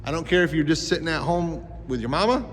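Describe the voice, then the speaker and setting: A man with a highish, lively voice talks fast while leading a life skills class for young people in a school gym. He's energetic and keeps quizzing the kids, and the gym hall echoes around him.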